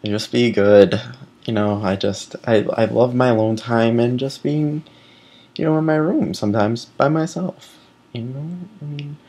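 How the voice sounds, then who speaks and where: A man's voice: medium pitch, unhurried, warm tone, slightly rough. A young man in his twenties talking candidly in a casual personal vlog, rambling with many fillers and restarts. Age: 20s. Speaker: vlogger.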